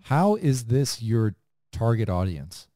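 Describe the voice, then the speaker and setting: A man co-hosting a comedy podcast, making wry, deadpan quips in casual banter. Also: mid-range voice, takes it slowly, no room sound, studio quality. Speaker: podcast co-host.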